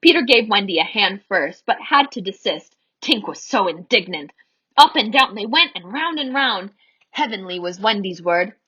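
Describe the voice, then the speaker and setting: A woman reading a children's story aloud in an animated, theatrical way. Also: medium pitch, moderate pace, husky, dull audio.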